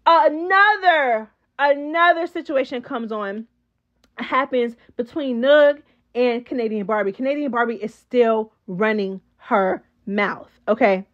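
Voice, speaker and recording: A woman's voice: on the high side, measured pace, highs cut off. A woman hosting a casual reality show recap, chatty and slangy, talking straight to her viewers. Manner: chatty, slangy, animated, addresses viewers as girl.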